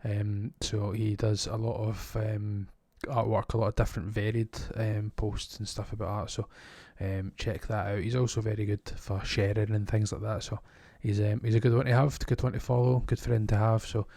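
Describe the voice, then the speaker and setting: A man's voice: on the low side, level tone, normal speed, vocal fry, hardly any pauses, mellow, no echo. A Scottish man co-hosting a podcast, chatting casually and rambling with asides. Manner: rambling, chatty, self-interrupting. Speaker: podcast co-host. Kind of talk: casual chat.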